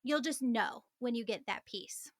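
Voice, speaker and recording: A woman, a spiritual medium appearing as a guest, calmly explaining messages she receives during a reading. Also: on the high side, unhurried, dry recording, clean studio sound.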